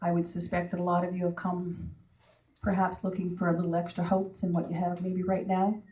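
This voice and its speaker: Brief: woman host opening a charity night, low voice, casual and halting, distant mic. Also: completely flat delivery, mellow. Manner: casual, hesitant with fillers. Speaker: event host. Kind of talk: introducing a speaker.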